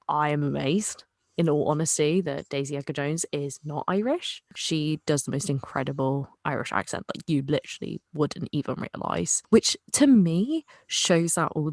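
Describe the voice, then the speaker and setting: A woman's voice: low-pitched, a little mellow, no echo, clean studio sound. A young woman co-hosting a casual podcast chat, frank and opinionated, swearing casually. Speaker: podcast co-host.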